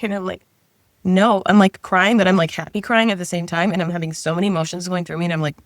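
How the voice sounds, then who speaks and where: A woman's voice: fairly low pitch, steady tone, very fast, dry recording, clean studio sound. A middle-aged woman, a guest, telling a personal story in a casual, chatty way, often saying 'like' and voicing her own past thoughts aloud.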